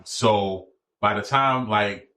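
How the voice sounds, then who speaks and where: A man in his forties with a low-set voice spins a loose, profane story as a podcast guest. He talks casually and keeps slipping into the voices of the people he quotes. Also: slow pace. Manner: profane, animated storyteller acting out others' lines.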